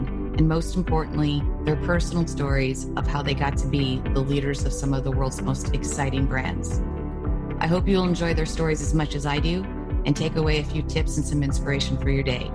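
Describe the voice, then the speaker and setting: An American woman hosting an interview podcast, upbeat and enthusiastic. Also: low voice. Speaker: podcast host.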